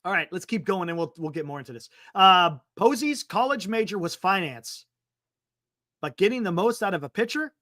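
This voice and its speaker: This is a man hosting a sports talk livestream, reading an article aloud and stopping often for excited asides. His voice is bright and forward. His pitch rises and falls widely from phrase to phrase. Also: normal speed. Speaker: sports talk show host. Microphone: streaming setup microphone.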